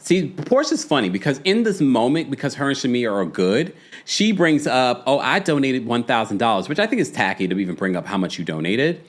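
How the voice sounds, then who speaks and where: A man hosting a casual commentary show, reading viewer messages aloud and reacting with laughs. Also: mid-range voice. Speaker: host.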